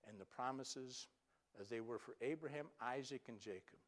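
Speaking at a moderate pace in a mid-range voice, this pastor delivers a sermon built on Bible stories. He acts out the quotes with animation, with occasional stammered restarts.

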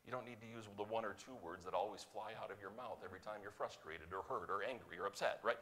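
A man with a fairly low voice preaches a sermon. He swings from emphatic, raised stretches to quiet, slowed-down lines, repeating key phrases for weight. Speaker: pastor.

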